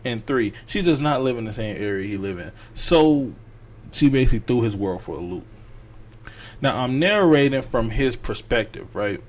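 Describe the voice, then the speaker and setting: A man's voice: mid-range voice, lively intonation. A man hosting a podcast, telling a long story in a loose, rambling way and acting out the characters' lines. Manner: rambling, acts out characters' lines in quick voices. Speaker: podcast host. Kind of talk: casual storytelling.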